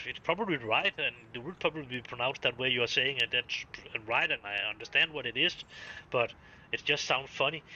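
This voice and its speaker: A man's voice: fairly high pitch, bright, forceful tone, a little hiss or hum. Danish guy streaming, swears a lot, stops and restarts, lo-fi dull mic. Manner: swears freely, halting and restarting, chuckling. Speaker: game streamer. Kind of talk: casual live-stream chat.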